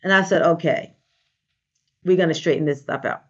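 A woman, a life coach, telling an animated story in a casual interview and acting out the voices of the people she quotes. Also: low voice, moderate pace. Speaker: guest, life coach and trainer. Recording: dull lo-fi recording.

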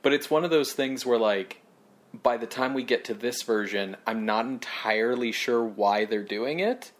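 A man's voice: medium pitch, moderate pace. A man co-hosting a podcast, musing about a film in a chatty way with lots of "like" fillers and wry asides. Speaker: podcast co-host. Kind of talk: casual chat about a film.

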